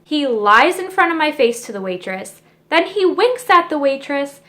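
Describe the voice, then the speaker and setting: A young woman vlogger telling a personal storytime, indignant and animated, with lots of asides to her viewers. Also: high-pitched, normal speed. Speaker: beauty vlogger. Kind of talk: storytime vlog.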